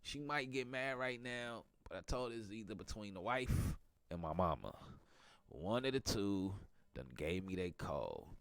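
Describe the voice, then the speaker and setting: A man's voice: lowish voice, sing-song, a little slow, a bit bright, clear, resonant tone, no room sound. A middle-aged man with a stuffy nose from a cold, hosting a casual morning talk show in a playful, teasing way. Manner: playful, teasing, laughs a lot. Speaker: podcast host.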